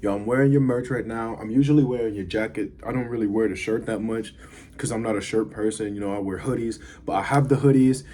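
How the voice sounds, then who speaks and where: A man's voice: on the low side, fast, mellow, slight background noise. A man talking casually to camera, rambling with fillers as he reviews food and tells a story. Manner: laid-back, rambling with fillers. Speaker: vlogger.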